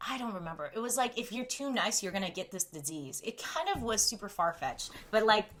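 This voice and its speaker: A woman's voice: mid-range voice, lively intonation, fairly quick, a bit bright, slight background noise. A young woman from Southern California chatting casually on a livestream, reacting to her chat, saying "like" a lot and laughing often. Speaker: livestream host.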